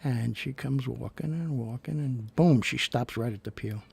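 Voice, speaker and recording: A man's voice: medium pitch, normal speed, gravelly, darkish tone, slightly rough. A male show host telling rambling personal stories and reacting to the news, full of fillers and restarts, turning indignant.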